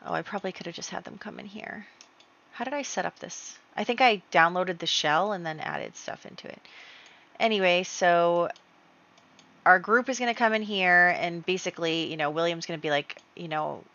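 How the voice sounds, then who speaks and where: A woman's voice: lowish voice, bright, forceful tone. A woman casually narrating her gameplay story, chatty and full of fillers. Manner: chatty, storytelling with many fillers and quick acted quotes. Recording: dull, lo-fi home mic.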